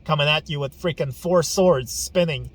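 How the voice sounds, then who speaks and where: A man's voice: a little high, moderate pace, no echo. Blunt, profane man. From Ukraine. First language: Ukrainian. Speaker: podcast host. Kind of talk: casual personal vlog.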